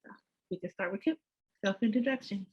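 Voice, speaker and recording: A panel moderator with a mid-range voice introduces the guests and asks them questions. The tone is measured and friendly, and the audio sounds dull and lo-fi. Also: mid-range voice, husky.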